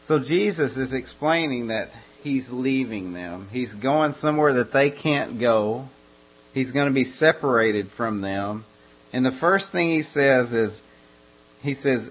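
Man preaching a measured verse-by-verse sermon. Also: medium pitch, lively intonation. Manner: measured, repeats phrases, frequent restarts. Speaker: pastor. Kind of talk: expository sermon. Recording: dull lo-fi recording with mains hum.

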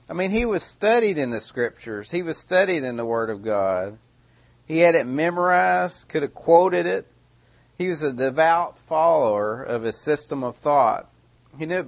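A man's voice: a little high, highs cut off. Man preaching a conversational sermon. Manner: conversational, questioning, with frequent restarts.

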